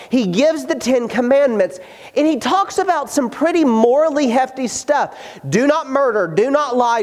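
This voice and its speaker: A pastor preaching a sermon, earnest and emphatic, slowing down to stress the scripture he quotes. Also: extremely high pitch. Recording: hall reverb.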